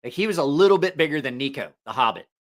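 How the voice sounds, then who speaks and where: A man's voice: a little high, very animated, fast. A man hosting a casual livestream, telling profane, rambling anecdotes with frequent laughter. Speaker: livestream host.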